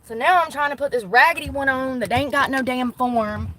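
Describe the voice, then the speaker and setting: A woman rants into her phone camera from inside a car. Her voice is bright and sits fairly high, and she swears bluntly and often. Faint road noise hums behind her. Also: fairly quick, hardly any pauses, rough recording. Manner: profane, blunt, exasperated ranting. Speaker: vlogger. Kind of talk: casual ranting vlog.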